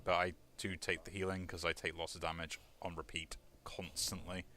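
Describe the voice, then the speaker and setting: A man's voice: low voice, little pitch movement, normal speed, sharp tone, a little hiss or hum. A man giving casual commentary while playing a video game, rambling with many fillers. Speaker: let's play host.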